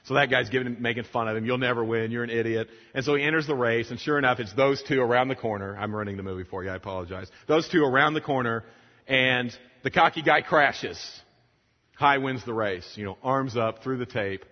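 A male preacher with a medium-pitched voice delivers a brisk sermon to pastors, telling a story with animation and acting out its dialogue. The lo-fi recording carries long echoes from the hall.

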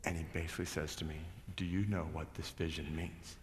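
A middle-aged man preaching a sermon as pastor, moving from hushed scripture reading to loud, excited storytelling. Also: a bass voice, fairly quick, very noisy. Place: large church hall. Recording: echoey hall reverb.

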